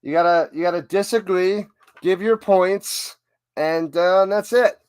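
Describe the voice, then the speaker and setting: A man with a fairly high voice rambles through casual football chat on a live stream, often stopping and restarting his sentences. The sound is dry and close, with no room around it. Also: measured pace, a little mellow, clean tone, no echo. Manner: rambling, self-interrupting, chatty. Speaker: livestream host.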